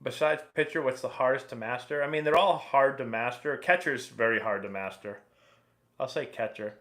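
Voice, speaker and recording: Man in his thirties, stream host, relaxed and conversational while answering questions. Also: mid-range voice, normal speed. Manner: relaxed, chatty, reads viewer questions aloud. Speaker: livestream host and former pro baseball player. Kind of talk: casual live Q&A chat.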